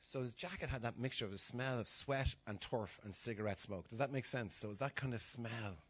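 A middle-aged man preaches in a husky voice. He tells animated stories, acts out the voices of the people in them and drops to a hushed whisper at times. His pitch sits in an ordinary middle range. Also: a little fast. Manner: animated storytelling, acting out voices, dropping to whispers. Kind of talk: sermon.

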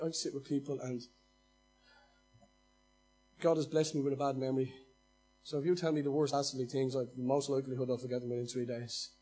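A man, a pastor, preaching a sermon in an animated way, acting out quoted lines and swinging between loud and hushed delivery. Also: mid-range voice, breathy edge.

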